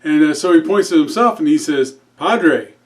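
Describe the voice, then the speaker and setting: A man's voice: fairly high pitch, brisk. A man telling a joke in a casual, rambling way, full of fillers and restarts. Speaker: comedy channel host.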